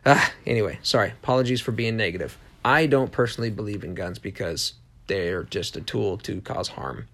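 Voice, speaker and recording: Gravelly-voiced man giving a motivational podcast. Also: on the low side, brisk, a bit bright. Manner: earnest and rambling, with frequent restarts and asides; repeats short emphatic self-affirmations. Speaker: podcast host. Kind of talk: motivational solo podcast talk.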